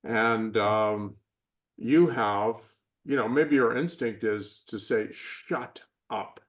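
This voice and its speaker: An older man speaking as a podcast interview guest, reflective and measured, sometimes acting out the voices he describes. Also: fairly low pitch. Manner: reflective, measured, acts out inner and parental voices. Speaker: guest, performance psychologist. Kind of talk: conversational interview.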